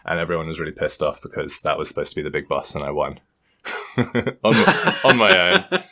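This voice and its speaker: A man's voice: very deep voice, fast. A man co-hosting a podcast, telling a rambling story in casual chat, swearing freely and laughing often. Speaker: podcast co-host.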